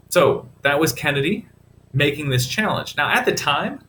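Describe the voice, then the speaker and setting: A man's voice: on the high side, very animated, normal speed, bright, forceful tone, slight background noise. A male history teacher giving a recorded lecture in a casual, chatty way, with asides to the listener.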